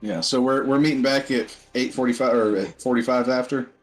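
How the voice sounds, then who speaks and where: Loose, excitable man chatting casually. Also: mid-range voice, brisk, soft background music, poor audio. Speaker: tabletop game player. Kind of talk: casual chat during a game break.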